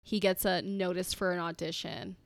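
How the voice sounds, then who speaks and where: A woman co-hosting a podcast in a playful, jokey casual chat full of quick asides. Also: on the low side, steady tone, creaky, dry recording. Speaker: podcast co-host.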